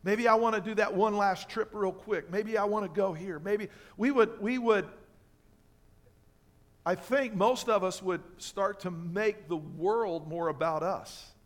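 A male pastor with a notably high voice delivers a sermon in a church. He preaches with animated swings between loud, emphatic lines and quiet asides. He keeps asking the congregation rhetorical questions. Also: a little slow. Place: church sanctuary.

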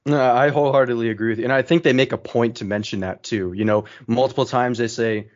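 A man's voice: medium pitch, steady tone, quick pace. A young man co-hosting a casual movie discussion. He talks eagerly and often trips over his words. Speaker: co-host. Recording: dull lo-fi sound.

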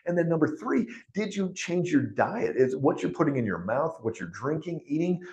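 A man's voice: a little high, very animated, normal speed, darkish tone, muffled recording. A man, a doctor guest on a podcast interview, explaining things conversationally and chuckling between his points. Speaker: functional medicine doctor, guest.

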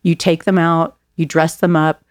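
A woman's voice: deep voice, normal speed, no echo, studio quality. A middle-aged woman, a guest author and speaker, telling stories in casual conversation and laughing at herself now and then. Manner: animated storyteller, laughs at herself.

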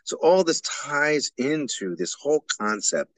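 A man's voice: on the high side, big pitch swings, a little slow, no room sound. A man hosting a solo podcast for educators, explaining ideas in an earnest, emphatic way. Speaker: podcast host.

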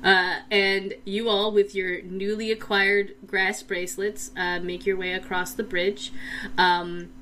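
A woman runs a tabletop game at an unhurried pace. Her voice is bright and clear, with a faint hiss underneath. She narrates loosely and keeps things relaxed. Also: mid-range voice. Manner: relaxed, laughing, full of fillers. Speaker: dungeon master.

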